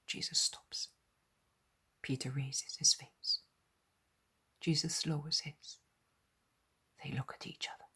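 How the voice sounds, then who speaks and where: A woman narrates a devotional audiobook in a soft, fully unvoiced whisper. She reads at a slow, measured pace. Her low, breathy delivery stays hushed throughout. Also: steady tone. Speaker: audiobook reader.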